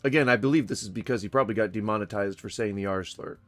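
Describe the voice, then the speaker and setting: A man's voice: fairly low pitch, quick pace, dry recording, faint music behind. A man giving casual reaction commentary in a sarcastic, rambling, mocking manner.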